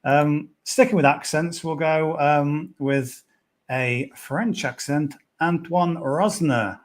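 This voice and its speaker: A man's voice: on the high side, takes it slowly. A man chatting casually as a golf betting pundit on a podcast, rambling and hesitant, with plenty of "sort of" and "yeah".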